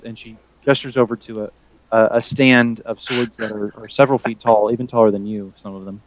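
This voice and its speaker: Relaxed game master man. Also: on the low side, brisk, no room sound, low-quality recording. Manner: relaxed, filler-heavy narration. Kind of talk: narrating a tabletop game.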